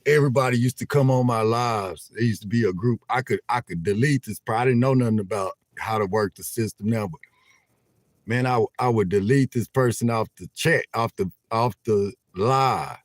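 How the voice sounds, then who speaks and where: Older man, animated casual vlog talk, dry close phone sound. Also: lowish voice, normal speed, dry recording. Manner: animated, laughing, repeats himself. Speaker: vlogger livestreaming. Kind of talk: casual chat to viewers. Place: inside a van.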